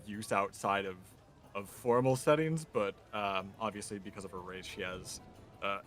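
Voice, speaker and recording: A man describing his tabletop game character, halting and searching for words. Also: lowish voice, fairly even intonation, a bit bright, faint music behind. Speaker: player.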